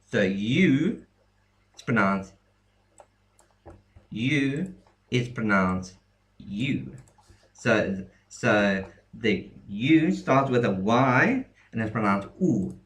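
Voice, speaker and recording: A man's voice: on the low side, animated, slow pace, fairly bright tone. A young man explaining an alphabet in a casual lesson, hesitant, with many ums and restarts. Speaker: language teacher.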